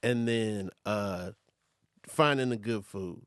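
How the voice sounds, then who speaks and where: A man hosting a podcast, easygoing and jokey in casual chat, quick with short reactions. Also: lowish voice, dry recording. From moved to Los Angeles from elsewhere. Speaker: podcast host.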